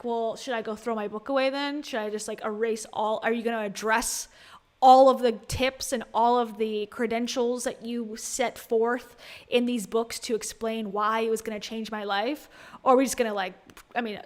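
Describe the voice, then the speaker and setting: A woman giving casual livestream commentary on a podcast, chatty and exasperated, reading viewer comments aloud. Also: fairly high pitch.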